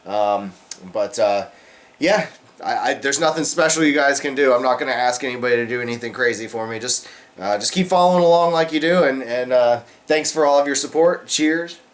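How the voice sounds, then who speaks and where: A man hosting a casual beer vlog, talking in a relaxed, rambling way with lots of fillers while he sips beer. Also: mid-range voice, brisk. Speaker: beer review vlogger, channel host. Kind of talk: casual chat to camera.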